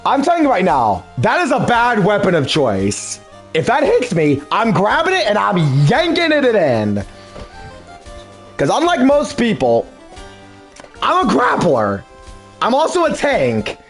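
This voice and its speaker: An excitable young man rants through casual let's play commentary, swearing freely. His voice is high and swings widely in pitch. Faint music plays behind him. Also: measured pace. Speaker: let's play host dubbing a game.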